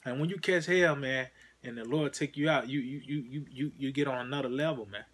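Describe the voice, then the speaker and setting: A man giving an informal sermon, talking in a loose, conversational way, often adding "man" and "you know", and slowing down when he reads scripture. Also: mid-range voice, a bit bright, husky. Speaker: preacher.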